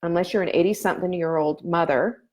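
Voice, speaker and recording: A woman's voice: fairly low pitch, fast, a little mellow. A middle-aged woman hosting a casual live stream, giving earnest, motherly advice with frequent fillers. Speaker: nutrition coach host.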